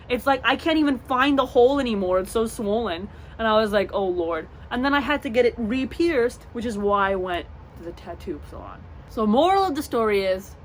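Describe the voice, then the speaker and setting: A young woman telling a storytime vlog story in an animated way, acting out the voices of the people in it. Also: fairly high pitch, slight background noise. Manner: animated, acts out voices in her stories. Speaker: vlogger.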